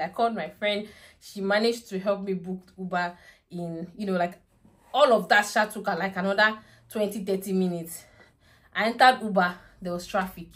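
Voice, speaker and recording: This is a young woman, speaking in a casual vlog. Her voice sits at an ordinary middle pitch, and she tells her story in an animated, dramatic way, breaking into laughter and heartfelt prayerful asides. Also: normal speed. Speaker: vlogger, mother of a toddler.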